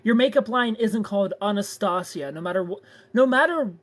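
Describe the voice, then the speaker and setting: A live streamer casually chatting and greeting viewers by name, playful and quick to laugh. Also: mid-range voice, animated, a bit bright.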